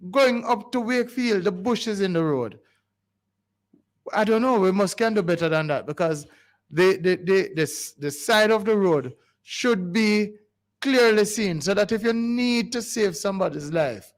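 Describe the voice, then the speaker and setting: A man with a Jamaican accent hosting a community radio show, talking in a rambling, pleading way with frequent restarts. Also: sits high. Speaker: radio host. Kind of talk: call-in community radio talk. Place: radio studio.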